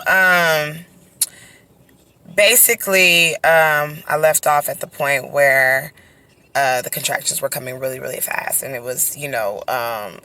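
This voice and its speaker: A young woman telling her birth story in a casual, animated way, full of "you know" and "right?", talking into her phone while out on a walk. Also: very deep voice. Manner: animated, conversational, heavy use of fillers like "you know" and "right?". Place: outdoors, on a walk.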